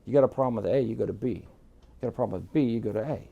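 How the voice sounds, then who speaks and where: A man's voice: mid-range voice, rapid-fire, gravelly, husky, narrow, tinny audio. A man voicing his streetwise father, who lays out mob rules in a blunt, matter-of-fact way. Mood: advising.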